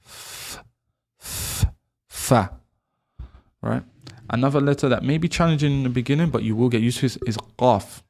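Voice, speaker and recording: Gravelly-voiced man teaching Arabic sounds. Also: medium pitch, fast, dark tone. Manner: demonstrates throat sounds with exaggerated repetition; self-correcting, chatty, laughs at himself. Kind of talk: casual spoken lesson.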